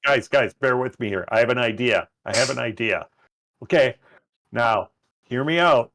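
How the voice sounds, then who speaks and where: A man playing a tabletop game over an online call, playful and laughing often as he pitches schemes. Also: moderate pace, a bit bright, slight background noise. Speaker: player. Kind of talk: casual game table chat.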